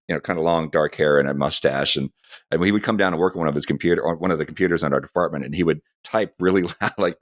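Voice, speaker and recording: A man's voice: very deep voice, a bit bright, no echo, clean studio sound. A middle-aged man co-hosting a podcast, meandering through an anecdotal story in casual chat. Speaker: podcast co-host.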